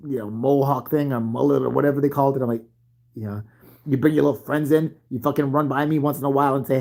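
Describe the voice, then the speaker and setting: A man's voice: medium pitch, steady tone, fairly quick, vocal fry, darkish tone. A man casually telling stories from his childhood, swearing often and laughing. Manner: profane, laughing, loose. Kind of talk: casual storytelling.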